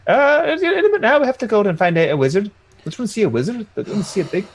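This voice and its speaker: A man's voice: sits high, very animated, very fast, voice pushed up, exaggerated voice. Man playing a blunt, folksy old woman adventurer. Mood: coaxing. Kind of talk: tabletop role-play.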